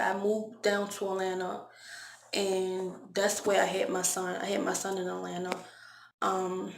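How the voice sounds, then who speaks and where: A young woman, telling a candid, conversational storytime vlog and often repeating her words. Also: mid-range voice. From Baltimore, US. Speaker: vlogger. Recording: echoey room.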